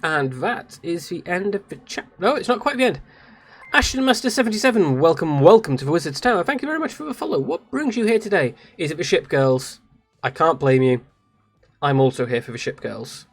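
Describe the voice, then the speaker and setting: Casual streamer with a lively voice. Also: mid-range voice, a little fast, slightly rough, soft background music. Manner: casual, apologetic, chatting to viewers. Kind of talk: casual livestream chat.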